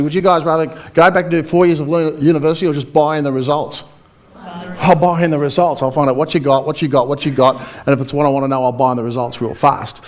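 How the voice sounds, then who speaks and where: A middle-aged Australian man giving a motivational seminar talk, telling stories with quoted dialogue and quizzing the audience. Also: a little high. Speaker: seminar speaker.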